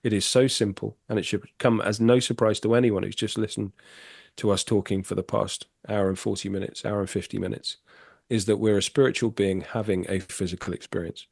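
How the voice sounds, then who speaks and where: Gravelly low-voiced man telling stories. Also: fairly quick, dry recording, studio quality. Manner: candid, swears casually, animated storyteller. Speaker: podcast guest. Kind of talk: casual storytelling chat.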